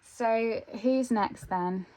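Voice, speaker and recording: A woman's voice: on the high side, drawn-out words, dark tone. Musing woman reading tarot. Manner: musing, thinking aloud with many ums. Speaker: tarot reader. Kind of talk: intuitive tarot reading to camera.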